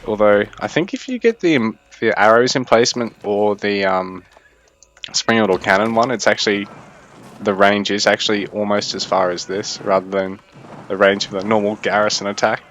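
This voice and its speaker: A young man giving casual, chatty game commentary, thinking aloud in a fairly even delivery. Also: fairly low pitch, moderate pace, lo-fi sound, slight background noise. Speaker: esports caster.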